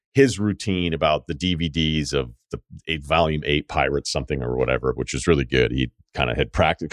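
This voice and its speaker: Low-voiced guy hosting a podcast, swearing a lot, voice swings all over, dry close sound. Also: no echo. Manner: animated, profane, rambling anecdotes. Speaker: podcast host. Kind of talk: casual storytelling.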